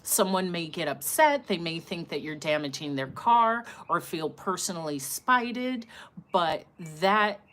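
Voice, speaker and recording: A woman's voice: on the low side, measured pace, a little hiss or hum. Woman telling a story on a livestream. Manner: animated, acts out what people said. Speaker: livestream host.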